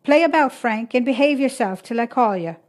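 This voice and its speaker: A woman voicing a calm middle-aged midwife who soothes and gives firm orders. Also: a little high, a little fast, voice pushed up, lightly acted. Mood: firm, soothing.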